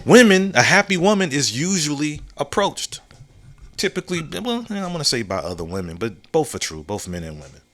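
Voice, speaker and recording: A man's voice: a little high, very animated, a bit bright. A man hosting his own podcast, talking casually and reflectively, repeating key phrases, using slang and often asking "you know what I'm saying?". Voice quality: laid-back, drawn-out phrasing with slang and restarts. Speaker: podcast host. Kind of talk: casual solo monologue.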